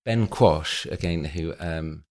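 A man as a podcast guest, hesitant and halting with many ums, with dry self-mocking humor. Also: very deep voice. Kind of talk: podcast conversation.

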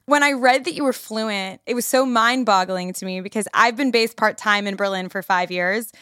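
A woman's voice: medium pitch, moderate pace, a bit bright, clean tone, no echo, clean studio sound. A woman hosting an interview, asking curious, engaged questions of her guest. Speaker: interviewer, host.

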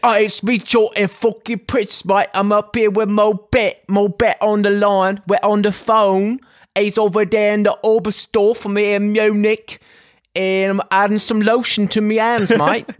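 A man's voice: high-pitched, completely flat delivery, fairly quick, hardly any pauses, fairly bright tone, pitched above the performer's own voice. A man putting on an accent to voice a crude, swearing bloke who says "mate" constantly, over a phone call. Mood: brash.

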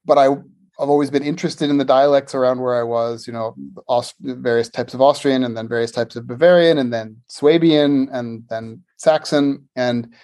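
A man's voice: mid-range voice, steady tone, normal speed, a little mellow. A man from the Philadelphia area with a Philadelphia-area American accent, talking reflectively in casual conversation with many fillers. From Philadelphia area, USA.

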